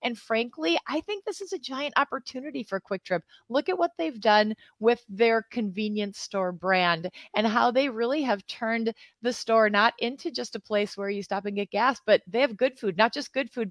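A woman's voice: a little high, no room sound. A woman guest on a radio show, talking casually and upbeat and laughing easily. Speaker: guest commentator.

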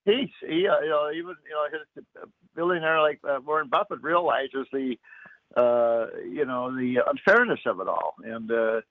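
An older man, a retired newspaper editor, talking as a radio guest, halting and full of fillers. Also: fairly high pitch. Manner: halting, many fillers and restarts. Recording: tinny phone line.

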